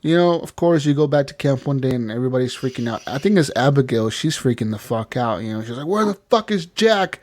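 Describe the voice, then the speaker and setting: A man's voice: mid-range voice, fast talker, hardly any pauses, darkish tone. A man on a casual gaming podcast, retelling a game's story with lots of swearing and acting out the characters' lines. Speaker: podcast co-host. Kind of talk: casual profane game recap chat.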